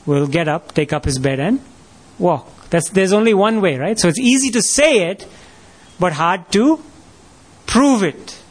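A man's voice: high voice, expressive, unhurried, slightly rough. A man preaching a sermon, posing rhetorical questions and rising to emphatic peaks.

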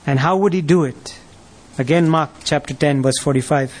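Preacher, male, fairly high voice, emphatic sermon delivery with rhetorical questions. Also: moderate pace.

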